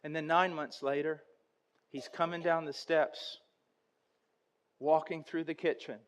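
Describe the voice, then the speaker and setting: Brief: fervent male preacher, high voice, storytelling sermon that swells in intensity. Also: steady tone, unhurried. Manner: impassioned, builds to near-shouting intensity.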